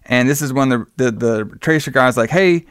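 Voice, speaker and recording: A man's voice: medium pitch, normal speed, clean tone, no echo, clean studio sound. A man in casual chat, retelling a film scene by scene, filler-heavy, jumping into raised voices to act out the characters' lines. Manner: animated retelling, acting out lines in raised voices, swears freely. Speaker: podcast co-host recapping a film.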